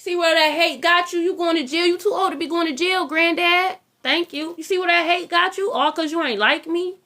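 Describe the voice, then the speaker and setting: High bright-voiced lady doing tarot, blunt and cussing. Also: a little fast. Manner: blunt, profane, repeats herself. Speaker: tarot reader. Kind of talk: casual tarot reading.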